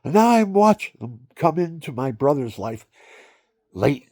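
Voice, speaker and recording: Animated, gravelly seventies man rambling. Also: on the high side, a little slow, no echo, studio quality. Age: 70s. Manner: animated, laughing, barking asides. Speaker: vlogger. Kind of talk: rambling personal monologue.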